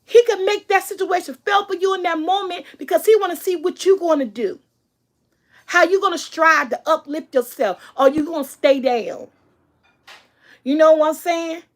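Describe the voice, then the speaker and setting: A woman's voice: very high voice, moderate pace. A middle-aged woman vlogger, giving an emphatic, preachy motivational talk and repeating her key lines.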